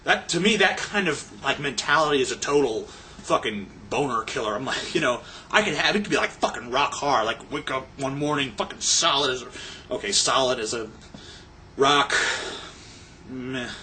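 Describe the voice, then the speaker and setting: A man's voice: medium pitch, expressive, normal speed, bright, forceful tone, a little hiss or hum. A young man ranting to his camera in a rambling, sarcastic and crude casual way. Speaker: vlogger. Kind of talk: casual profane rant.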